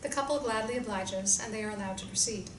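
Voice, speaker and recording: A woman reading stage directions aloud in a screenplay reading, in a clear, measured way. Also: mid-range voice. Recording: roomy distant sound with background noise.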